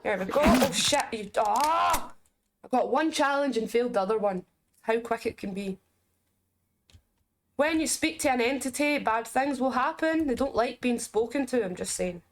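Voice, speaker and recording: A woman with a Scottish accent giving casual gameplay commentary as a game reviewer, chatty and explaining as she plays, with quick asides and jokes. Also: on the high side, animated.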